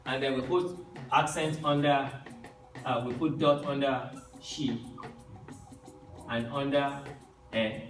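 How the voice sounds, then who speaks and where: A man teaching a Yoruba class, quizzing his students in an animated way and swooping up on key words. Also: medium pitch, takes it slowly, pauses often. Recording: echoey room, distant mic, faint music.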